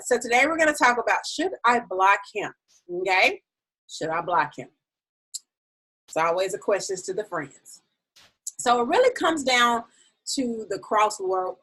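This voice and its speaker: A woman's voice: fairly high pitch, a bit bright, slightly rough. A woman hosting a casual motivational podcast, talking in a chatty, direct way while her mouth is sore from the dentist. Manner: chatty and direct, addresses listeners as y'all. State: sore mouth after a dental visit. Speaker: podcast host.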